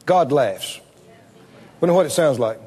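A male preacher giving a sermon, animated, questioning his congregation and laughing often. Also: on the high side, measured pace, in a large hall, slight background noise.

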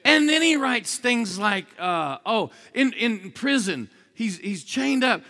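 A man preaching an energetic sermon, joking with the crowd and swinging between low asides and shouted exclamations. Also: slow, few pauses. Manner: jokey, asks the crowd for responses.

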